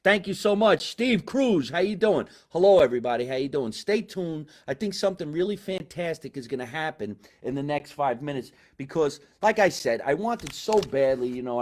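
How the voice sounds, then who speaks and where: Hammy New comedy host. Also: male voice, mid-range voice. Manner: loud, hammy showman, big swings in volume. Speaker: podcast host. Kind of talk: live comedy show hosting. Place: basement.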